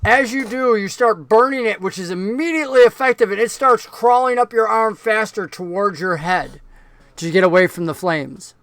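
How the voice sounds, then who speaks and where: High-voiced man running a tabletop game. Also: normal speed, no room sound. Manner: relaxed, explains rules patiently. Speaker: game master.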